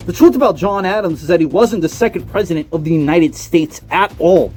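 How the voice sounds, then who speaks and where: High-voiced man ranting mock conspiracy. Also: animated, fairly quick, faint music behind. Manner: mock-serious, ranting, jumps between booming and hushed. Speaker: comedy video narrator. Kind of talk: satirical mock-conspiracy storytelling.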